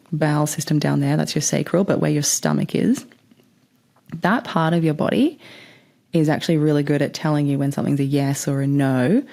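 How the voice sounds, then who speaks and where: A woman's voice: sits low, vocal fry, warm tone. A woman hosting a podcast, giving spiritual advice in a chatty, rambling way and swearing casually. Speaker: podcast host.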